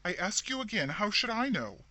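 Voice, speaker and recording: Man doing a stern, clipped woman, harsh and bright, tight control. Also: high-pitched, sing-song, moderate pace, no echo, voice pushed up, full character voice. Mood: rigid. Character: stern, curt woman holding herself rigid.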